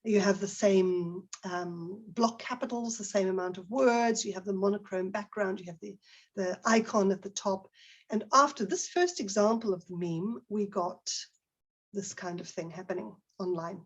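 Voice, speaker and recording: Husky-voiced woman presenting to teachers. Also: medium pitch, fairly even intonation, moderate pace. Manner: conversational, with many fillers and restarts, asks the audience questions. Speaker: teacher trainer giving a webinar talk.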